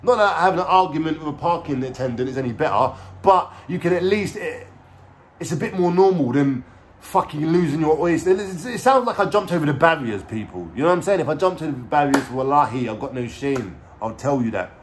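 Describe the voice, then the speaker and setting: A man's voice: a little high, expressive, brisk, a little hiss or hum. London man in his own voice, street slang, swears freely, casual storyteller. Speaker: vlogger.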